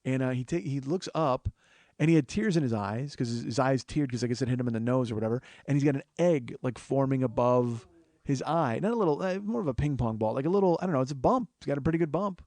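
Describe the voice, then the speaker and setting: A male comedian host telling a profane, self-mocking story in an animated way. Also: mid-range voice, fast talker, no room sound.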